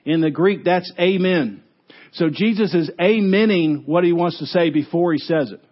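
A male pastor preaching a sermon, telling the story with lively quoted voices and dropping low and quiet to stress key words. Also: moderate pace, lo-fi sound.

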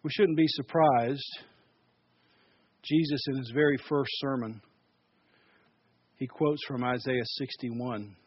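A man preaching a sermon as pastor, emphatic, dropping loud and soft and repeating words as he builds points. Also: medium pitch, breathy edge, no echo, highs cut off.

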